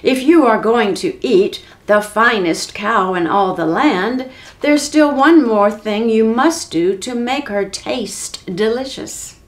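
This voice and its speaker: A woman's voice: fairly high pitch, slow. A woman voicing a bold, clever young butter maid who scolds and gives orders in a storybook reading. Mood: bossy. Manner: scolding, bossy exclamations.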